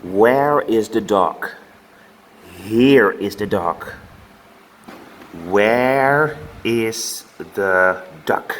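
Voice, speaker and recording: Male teacher, lowish voice, very slow and lively, models each word twice for children. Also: slight background noise. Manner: slow, drawn-out word modelling with repeated words. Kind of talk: children's vocabulary lesson.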